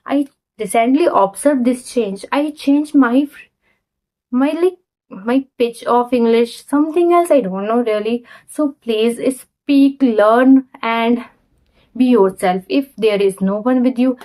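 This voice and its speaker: A young Indian woman speaks straight into her phone camera in earnest learner English, stopping and restarting her sentences as she goes. Her voice sits a little high for a woman. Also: slow pace, mellow, rough recording. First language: Hindi. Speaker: vlogger. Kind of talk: casual talk to camera.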